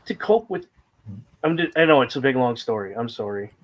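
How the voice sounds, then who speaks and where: A man's husky, slightly rough mid-range voice comes through poor audio as he talks briskly and openly about his feelings. A guest sharing a personal story in a relaxed, casual conversation, he rambles a little and relies on fillers. He stays earnest and candid, though at times he sounds close to tears and fights them back.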